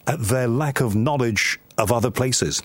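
A man's voice: medium pitch, measured pace, no room sound. Chatty British man hosting radio. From United Kingdom. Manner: conversational, chatty presenter. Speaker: radio show host. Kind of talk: radio interview.

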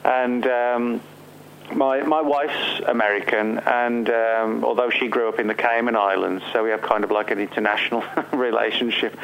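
A man's voice: medium pitch, fairly even intonation, normal speed, gravelly, fairly bright tone, rough recording. A man with an English Midlands accent talks as a guest on a remote interview, wandering through his answers with frequent fillers. A faint hum sits under the line. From Staffordshire, England. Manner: rambling, many fillers and restarts. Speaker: guest, author.

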